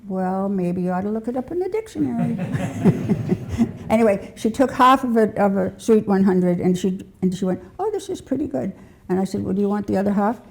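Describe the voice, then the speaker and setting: A woman's voice: medium pitch, a little fast, creaky, a little hiss or hum. An older woman telling rambling community stories, often restarting her sentences and laughing as she goes. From New Hampshire. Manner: warm rambling anecdotes with frequent restarts and laughter. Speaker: storyteller sharing community memories. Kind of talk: casual spoken storytelling.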